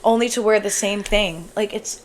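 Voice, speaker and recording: A woman's voice: medium pitch, normal speed, a little hiss or hum. Chatty young woman co-hosting a podcast. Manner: chatty, swears casually, says "like" often. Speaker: podcast co-host. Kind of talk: casual chat.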